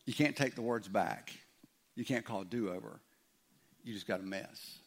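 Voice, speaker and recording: A pastor preaching in a conversational way, his voice low and gravelly. He talks straight to the congregation and acts out their doubts as he goes. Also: normal speed. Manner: conversational, acts out imagined listeners' objections. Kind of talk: sermon.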